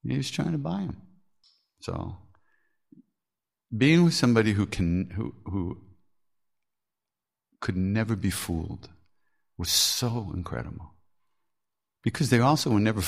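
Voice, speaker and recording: An older man hosting a podcast tells reflective spiritual stories candidly, laughing often and cursing casually. His voice is on the low side, with vocal fry.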